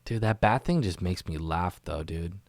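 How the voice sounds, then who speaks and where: This podcast host has a low-pitched voice and speaks at a moderate pace, recorded without echo. Alone in a small studio, he rambles casually and keeps dropping "dude" and "man" into everything. A studio mic is visible on camera.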